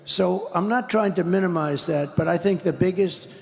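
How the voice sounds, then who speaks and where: A man's voice: high-pitched, moderate pace, gravelly, a little mellow, in a large hall. An older man giving an interview, talking in an emphatic, repetitive, rambling way. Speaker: interview guest. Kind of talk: interview conversation.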